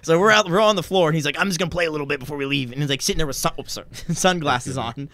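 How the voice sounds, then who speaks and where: A man's voice: a little high, rapid-fire, bright, forceful tone. A young man in his twenties tells a story to his friends in a loose, meandering way. He fills the gaps with "like" and swears casually. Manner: rambling, profane, heavy on filler "like".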